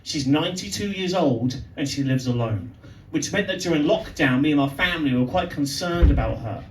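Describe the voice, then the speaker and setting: Lively young comedian on stage. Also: male voice, fairly high pitch, normal speed, a little hiss or hum. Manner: animated storytelling with punchlines. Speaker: stand-up comedian. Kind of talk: stand-up comedy set. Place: pub venue with live audience. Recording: echoey live room from far off. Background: audience laughter.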